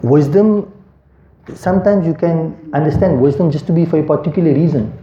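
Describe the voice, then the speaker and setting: A man's voice: on the high side, moderate pace. A man teaching a Quran lesson, thinking aloud, quizzing his students, and reciting Arabic verses swiftly. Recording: echoey room, dull lo-fi sound.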